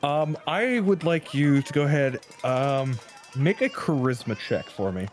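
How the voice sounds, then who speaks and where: Male game master, relaxed narration, faint music behind. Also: fairly high pitch, unhurried.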